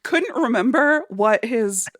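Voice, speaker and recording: A woman co-hosting a casual film podcast, animated and chatty. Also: fairly high pitch, takes it slowly, no room sound, studio quality. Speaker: podcast co-host.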